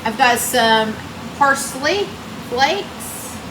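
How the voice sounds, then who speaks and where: A woman's voice: sits high, animated, very slow. A woman chatting folksily to viewers while cooking in her home kitchen. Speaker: cooking vlogger. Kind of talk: casual cooking chat. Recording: roomy kitchen with air-conditioner hum. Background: central air running.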